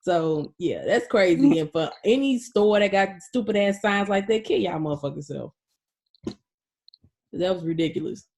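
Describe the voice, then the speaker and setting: A young woman co-hosting a podcast in easy, casual chat. She tells stories with plenty of profanity and animated exclaiming. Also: fairly low pitch, normal speed. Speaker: podcast co-host.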